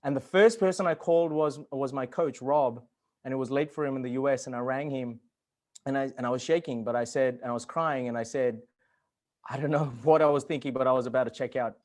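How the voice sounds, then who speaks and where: A man speaking as a guest at an online summit, telling a personal story in an earnest way, swearing at times and growing animated when excited. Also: mid-range voice, brisk. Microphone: video call.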